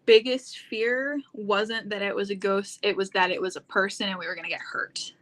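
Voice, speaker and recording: A woman's voice: medium pitch, steady tone, normal speed, fairly bright tone. A young woman, a paranormal investigator guest, chatting casually and laughing often as she tells stories. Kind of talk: casual interview storytelling.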